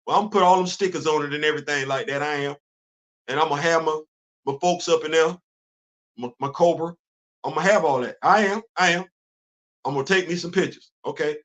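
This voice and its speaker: A middle-aged man talks on his own livestream with a raised, fairly high voice. He circles back on phrases and quizzes himself in quick asides. The delivery stays loose and animated. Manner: animated, repeats himself, self-questioning asides. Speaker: host. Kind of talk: casual solo livestream chat. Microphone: livestream studio setup.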